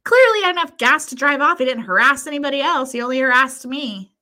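A fast-talking woman with a high-pitched voice co-hosts a podcast and launches into a story in loose conversation. She swears freely and animatedly acts out what others said.

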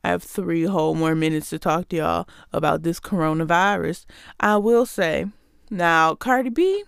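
Sarcastic woman ranting, smooth dry voice. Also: fairly low pitch, normal speed, no room sound. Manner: sarcastic, exasperated, talks straight to listeners. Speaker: podcast host. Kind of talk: comedic rant monologue.

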